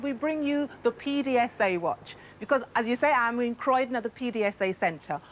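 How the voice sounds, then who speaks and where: A woman's voice: high-pitched, slight background noise, poor audio. Chatty woman reporting live on location. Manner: chatty, affectionate. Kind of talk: live outside broadcast presenting. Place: animal clinic, indoors.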